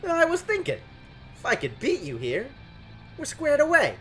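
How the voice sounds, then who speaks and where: A woman's voice: high voice, huge pitch swings, moderate pace, soft background music, pitched above the performer's own voice. A woman voicing an earnest young exile who eagerly pleads for a deal.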